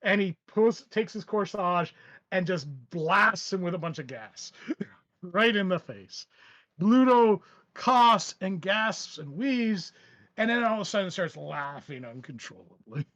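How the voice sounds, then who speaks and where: A man running a tabletop game as its game master, theatrical and quick to laugh. His voice sits high and he narrates unhurriedly. The recording is dry and a bit dull. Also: animated, a bit bright, dry recording. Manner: theatrical, laughs often, frequent fillers.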